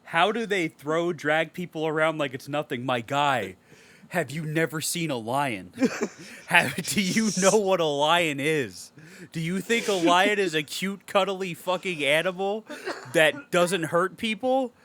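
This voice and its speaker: Bright-voiced man ranting sarcastically. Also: a little high, animated, a little slow. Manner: reads a review aloud and rants at it with sarcastic, profane outbursts. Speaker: podcast co-host. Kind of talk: casual podcast movie review.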